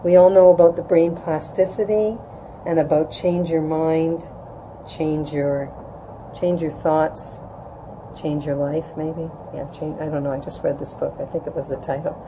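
A woman's voice: steady tone, a little slow, noisy background. A middle-aged woman giving an informal religious talk to a room, conversational and often asking "right?", acting out quoted voices. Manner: conversational, asks "right?" often, acts out quotes with rising pitch. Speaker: Jewish women's class teacher. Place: room with an audience.

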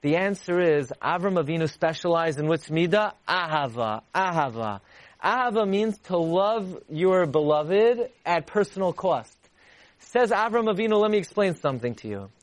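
Male Torah teacher, high-pitched, animated and emphatic, dry close recording. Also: moderate pace, dry recording. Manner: animated, repeats for emphasis, rises high to act out voices. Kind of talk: Torah class lecture.

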